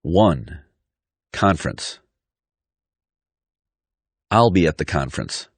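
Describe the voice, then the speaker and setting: Deep husky guy reading practice sentences slow, dry close mic. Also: big pitch swings, no echo. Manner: deliberate, clearly articulated reading. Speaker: pronunciation teacher. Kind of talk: slow scripted drill reading.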